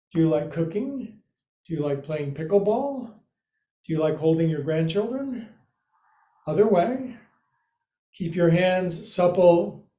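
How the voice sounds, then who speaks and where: Male yoga teacher, high mellow voice, jokey, slow cueing, echoey room. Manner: playful, jokey cueing with counting. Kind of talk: livestreamed yoga class instruction.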